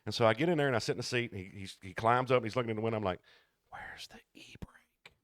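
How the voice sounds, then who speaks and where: A man, fairly low-voiced, tells rambling work stories on a casual podcast. He is lively and acts out everyone he quotes. The sound is dry and close. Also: very fast, no room sound. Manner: animated storyteller who acts out quoted people. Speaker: podcast co-host. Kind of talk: casual storytelling chat.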